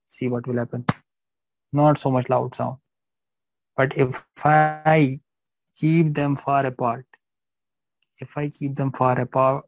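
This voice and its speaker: A man's voice: mid-range voice, gravelly, a little mellow, no echo, low-quality recording. A man teaching a live physiology class, repeating phrases and checking that students understand.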